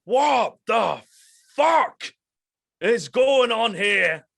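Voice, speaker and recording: A man voicing a gruff, curmudgeonly older male captain who bellows and then turns quietly menacing. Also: very high voice, expressive, extremely slow, dry recording, clean studio sound, voice pushed up, exaggerated voice. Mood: bellowing.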